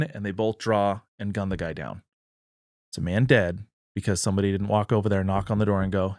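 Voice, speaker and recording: Earnest man with a low voice. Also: a little fast, dry recording, clean studio sound. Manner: earnest, acts out quoted dialogue. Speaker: podcast guest, party chair. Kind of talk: political discussion.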